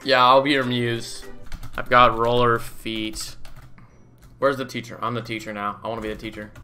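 Young man, bright voice, goofy gameplay commentary, frequent laughs, faint music behind. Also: medium pitch, little pitch movement, normal speed. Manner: goofy, laughs often, swears casually. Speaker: gaming YouTuber.

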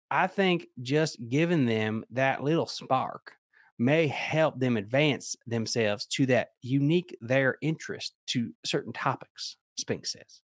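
An excitable man co-hosts a podcast in casual, rambling chat. His voice sits at an ordinary middle pitch and laughs break in often. The sound is dry and close, with no room echo. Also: moderate pace. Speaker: podcast co-host.

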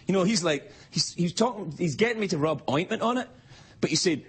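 A man's voice: sits high, animated, a little fast, very noisy. A man with a Scottish accent, hosting a late-night show and telling a comic monologue, slipping into playful voices for the people he quotes. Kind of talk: stand-up monologue. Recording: studio with loud audience laughter. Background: live studio audience laughing.

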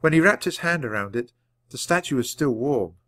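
A man reading a children's book aloud at a clear, measured pace. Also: mid-range voice, expressive, a bit bright, dry recording. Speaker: storybook reader.

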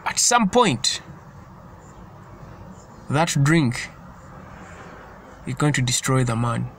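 A man's voice: medium pitch, very animated, very slow, fairly bright tone, slight background noise. A man giving an informal sermon in an earnest, repetitive way, often stumbling and restarting his sentences. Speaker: preacher.

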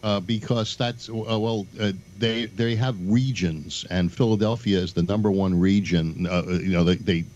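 A man in a casual group chat, speaking haltingly with many fillers. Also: fairly low pitch, a little mellow, a little hiss or hum. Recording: dull lo-fi recording.

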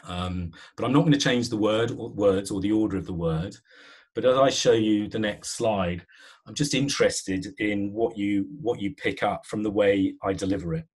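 Low husky guy running a webinar, chatty, lots of ums and restarts. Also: normal speed, a little mellow. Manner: conversational, many fillers and restarts. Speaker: webinar presenter. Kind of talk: live webinar presentation.

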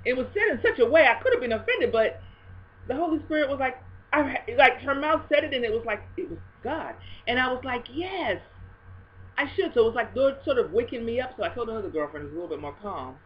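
A woman talking in a casual faith video blog, expressive and swinging between hushed and loud. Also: a little high, quick pace, dull audio.

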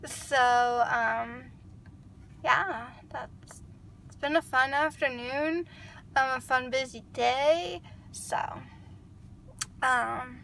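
Young woman with a high voice, rambly casual vlog chat into her phone. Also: steady tone, takes it slowly, fairly bright tone, a little hiss or hum. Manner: rambling, chatty, filler-heavy. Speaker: vlogger.

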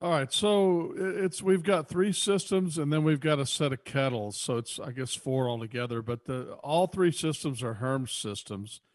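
A man from Texas co-hosting a podcast, relaxed and explaining things at length. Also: on the high side, normal speed, few pauses, no room sound. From Austin, Texas. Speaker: podcast co-host. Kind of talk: casual podcast chat.

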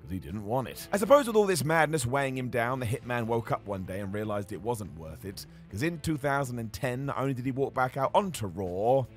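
Animated, slightly hoarse male voiceover host. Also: mid-range voice, brisk, few pauses, soft background music. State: slightly hoarse, losing his voice. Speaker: host of a wrestling countdown channel. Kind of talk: scripted voiceover countdown.

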